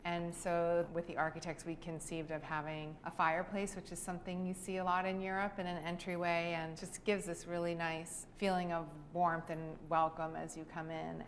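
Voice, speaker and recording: A middle-aged woman giving a relaxed, gushing tour of her house, talking about its design and furnishings. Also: lowish voice, moderate pace, hardly any pauses, slight background noise. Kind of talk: video house tour narration.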